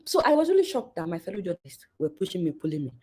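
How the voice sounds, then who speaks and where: A woman in her thirties with a Nigerian accent, a journalist guest telling a story with lively energy and acting out the people she quotes. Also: rapid-fire, slightly rough. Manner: acts out quoted voices with big pitch jumps. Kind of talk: animated storytelling in conversation.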